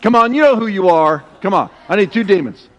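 Middle-aged male pastor, high-pitched, lively and chatty, leads call-and-response with the congregation. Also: a little fast. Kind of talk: sermon. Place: church sanctuary.

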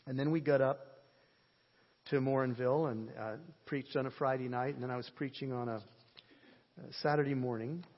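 A man preaching a sermon, telling a story in an animated way, with a husky voice. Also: medium pitch, normal speed, long pauses. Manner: animated, jokes and shouts at peaks. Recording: lo-fi sermon audio with long hall reverb.

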